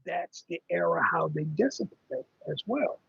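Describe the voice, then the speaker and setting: A man's voice: fairly high pitch, animated, a little slow, vocal fry, fairly bright tone, breathy edge, dry recording, lo-fi sound. A middle-aged man hosting a casual livestream about caregiving, rambling and conversational with lots of ums as he reads viewer comments.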